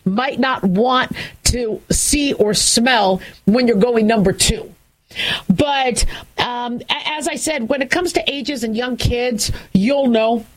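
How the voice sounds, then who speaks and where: A woman's voice: on the high side, takes it slowly, poor audio. A middle-aged woman hosting a talk show, speaking frankly and chattily with many restarts and asides. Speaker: talk show host, doctor. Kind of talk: casual talk radio monologue.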